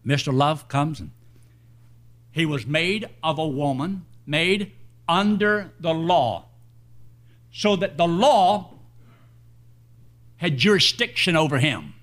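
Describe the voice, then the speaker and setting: An older man preaching a sermon, telling a personal story in a folksy, animated way. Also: a little high, slow, long pauses.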